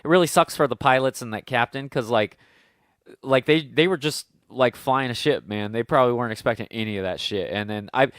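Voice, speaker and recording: A man talks through a film's plot in a rambling, casual way. He leans on fillers and acts out the characters' lines as he goes. His voice is clear and smooth, recorded dry. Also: medium pitch, fairly quick, a bit bright, no room sound. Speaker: podcast co-host. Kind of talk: casual movie review chat.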